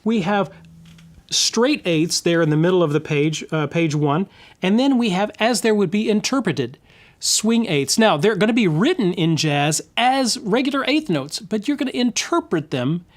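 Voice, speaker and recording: A man's voice: high voice, lively intonation, normal speed. A man giving an instructional guitar lesson, explaining patiently and counting and scatting rhythms aloud. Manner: friendly, explanatory, with restarts. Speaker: guitar teacher.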